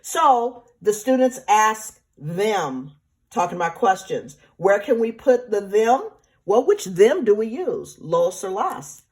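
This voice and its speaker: A woman teacher explaining grammar step by step in a recorded lesson, patient and repetitive, often checking in with "right?" and "okay?". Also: mid-range voice. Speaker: Spanish teacher. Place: classroom or home, remote teaching.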